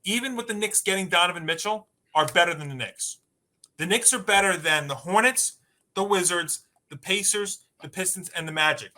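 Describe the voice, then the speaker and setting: A man's voice: high voice, normal speed, pushed and bright. A man co-hosting a sports talk podcast, arguing emphatically and rattling off long lists of teams.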